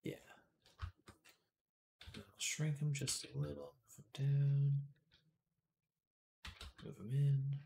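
Male streamer, mid-pitched, gravelly edge, murmurs through his modeling work with soft whispered asides, perks up when chatting with viewers. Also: level tone, slow, pauses often, a little hiss or hum. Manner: quiet murmuring to himself, drops into soft whispered asides while working; chatty and amused when answering chat. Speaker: livestreamer. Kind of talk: casual live-stream commentary while 3D modeling.

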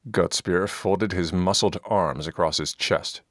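A man narrating a fantasy audiobook in a measured, deadpan way, close to the microphone. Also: low voice, no room sound. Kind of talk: scripted narration.

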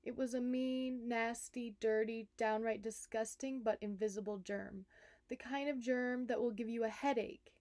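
A woman, a nurse, reading a children's picture book aloud, expressive and speaking directly to young listeners. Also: fairly high pitch, moderate pace, no echo. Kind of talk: storybook read-aloud for children.

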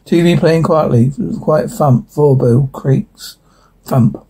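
A man reading a drama script aloud, sound cues and all, in a plain, even way. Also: fairly high pitch, slow pace, breathy edge, low-quality recording. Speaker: reader.

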